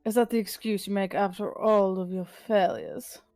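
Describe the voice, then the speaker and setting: A woman voicing a cruel, mocking noblewoman while reading a visual novel aloud, slow and contemptuous. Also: medium pitch, fairly even intonation, darkish tone, soft background music, voice pushed down, close to an everyday voice. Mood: scornful.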